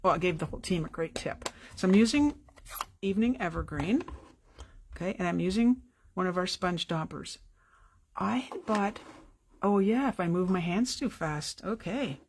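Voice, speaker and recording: A middle-aged woman hosting a live card-making tutorial from her home craft room, chatty and quick, with apologetic asides. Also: lowish voice, animated, darkish tone, a little hiss or hum.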